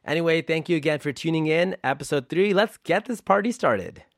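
A man giving a casual podcast introduction as host, upbeat and playful, his voice jumping up and then dropping quiet. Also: on the high side, lively intonation, a little fast, no echo, clean studio sound. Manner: upbeat and playful, with swings in loudness.

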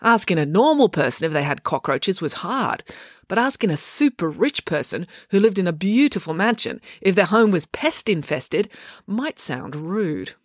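A woman narrating an audiobook story with expressive storytelling. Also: lowish voice, moderate pace, no room sound, studio quality.

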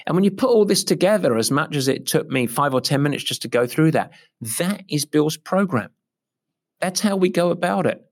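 A man's voice: on the high side, expressive, a little fast, creaky. A middle-aged man, an endurance coach, explaining a training approach with emphatic, repetitive enthusiasm. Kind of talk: podcast-style coaching explanation.

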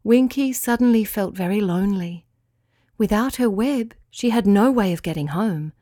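A woman narrating a children's bedtime story in a soft, gentle, expressive way. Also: medium pitch, moderate pace, no room sound, studio quality.

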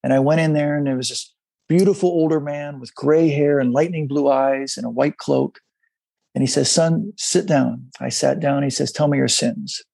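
A middle-aged man telling a candid personal story as a guest in a conversation, halting and confessional, acting out the voices of people he quotes. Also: a little high, steady tone, creaky, mellow, no room sound.

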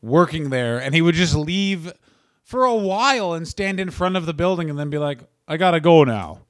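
A man's voice: a little high, animated, normal speed, a bit bright, no room sound. A man co-hosting a comedy podcast, telling stories in a sarcastic, casual way and swearing freely. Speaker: podcast co-host.

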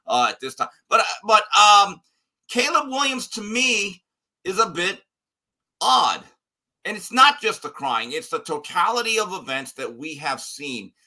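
A man holds forth on a sports talk show with a blunt, sarcastic edge, and his voice is piercingly bright and tense. His pitch swings all over the place as he hammers each point home, sitting a little above most men. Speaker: guest sports analyst.

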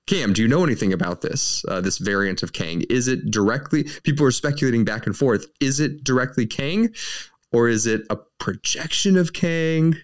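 A man's voice: medium pitch, lively intonation, normal speed. A man co-hosting a podcast, recapping a show in a rambling, casual way with lots of fillers and restarts. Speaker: podcast co-host.

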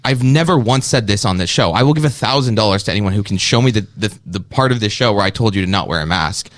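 In a clip played from another podcast, a Canadian podcaster and comedian rambles through an animated story, mocking people with quoted voices. He talks fast in a fairly low voice, and the recording is dry.

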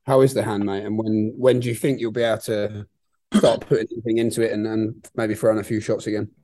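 A man's voice: lowish voice, little pitch movement, dark tone. A man hosting a podcast, asking friendly, casual questions of a boxer. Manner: quick, friendly questioning, calls people mate. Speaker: podcast host, interviewer. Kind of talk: casual interview chat.

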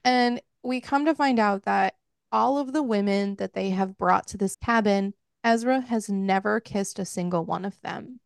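A woman's voice: medium pitch, normal speed, vocal fry, no room sound, studio quality. A woman hosting a podcast, casually and frankly recapping a book with lots of filler words. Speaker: podcast host.

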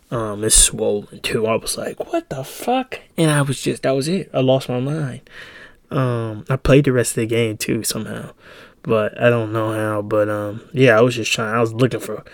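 A man's voice: mid-range voice, vocal fry, fairly bright tone, dry recording. A young man hosting a solo podcast, telling a heated story in a rambling, profane way. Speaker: podcast host. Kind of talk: casual solo podcast monologue.

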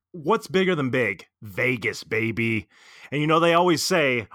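An emcee-style male co-host of a comedy podcast, hyping up the crowd in a bright, fairly high voice. His sound is dry and close. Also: animated, normal speed, no echo. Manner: hype-man, emcee-like. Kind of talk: comedic banter.

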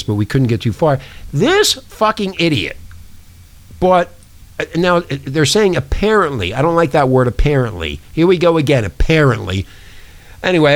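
A man hosting a talk show from a small studio, ranting in a profane, conspiratorial way. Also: a little high. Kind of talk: casual talk show monologue.

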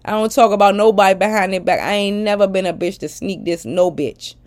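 A woman's voice: mid-range voice, fairly even intonation, brisk. A middle-aged woman ranting bluntly and profanely at her followers in a casual vlog. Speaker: social media personality.

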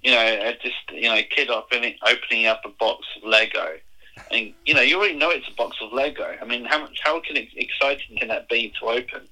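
An English man in casual conversation, explaining things in a measured way with plenty of fillers. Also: mid-range voice, pushed and bright, rough recording. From England. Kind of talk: casual chat.

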